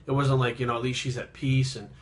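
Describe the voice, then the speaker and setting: Man telling a rambling, halting personal story. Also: medium pitch, level tone. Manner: rambling, halting, with frequent swearing; subdued and reflective. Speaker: fitness vlogger.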